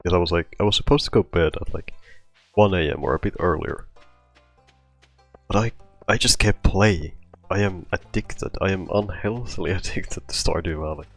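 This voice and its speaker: A storytime vlogger, a man with a low voice at moderate pace, rambles through a personal story in casual talk, out of breath and full of fillers, often restarting his sentences. Soft music plays in the background.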